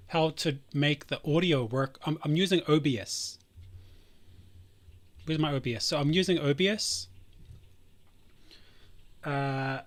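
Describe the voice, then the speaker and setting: A man hosting a live stream, chatting casually in a rambling way that keeps breaking off and restarting. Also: on the high side. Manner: rambling, self-interrupting.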